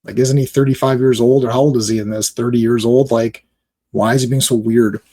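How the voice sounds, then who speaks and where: A man's voice: mid-range voice, fairly even intonation, a little fast, mellow. A man giving casual reaction commentary on a movie trailer, rambling and exasperated with lots of fillers.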